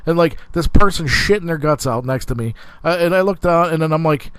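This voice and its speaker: A man's voice: fairly high pitch, brisk, few pauses, clean tone, dry recording. Guy hosting a podcast, swearing a lot, tripping over his words, dry close mic. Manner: rambling, many fillers and restarts, laughs through stories. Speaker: podcast host. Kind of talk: casual profane storytelling.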